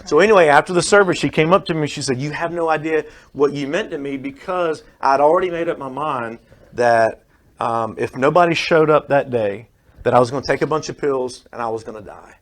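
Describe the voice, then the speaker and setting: Speaking fairly quickly in a fairly high voice, this pest control worker and pastor shares an earnest story as a radio studio guest, voicing the people he quotes.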